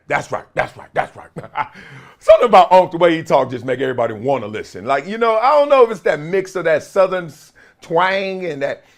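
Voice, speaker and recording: A man in his late forties hosting his own talk show in casual commentary, laughing often and using folksy slang. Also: on the high side. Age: late 40s. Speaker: host.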